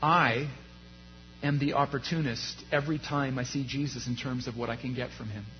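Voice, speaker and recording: A man preaching a sermon as a pastor, his delivery rising to emphasis and dropping low. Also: fairly even intonation, moderate pace, dull audio, soft background music.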